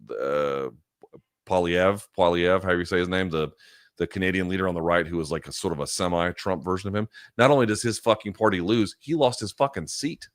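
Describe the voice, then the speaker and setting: A very low-voiced man hosts a live chat stream, reading viewer questions and launching into heated, profane rants. He talks loosely, with fillers and restarts, into a close mic with a dry, dead sound. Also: no room sound. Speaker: live chat show host. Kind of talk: casual livestream chat answering viewer questions.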